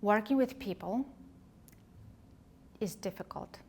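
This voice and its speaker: A woman leadership coach and author, speaking as an interview guest in a thoughtful, heartfelt way, often pausing to search for words. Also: mid-range voice, darkish tone, breathy edge. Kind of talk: reflective conversational interview.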